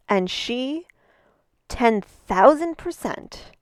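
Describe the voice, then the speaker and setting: A middle-aged woman hosting a podcast, telling a personal story in a chatty, animated way full of asides. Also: lowish voice, moderate pace, no room sound, clean studio sound. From Canada. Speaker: podcast host. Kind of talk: casual storytelling monologue.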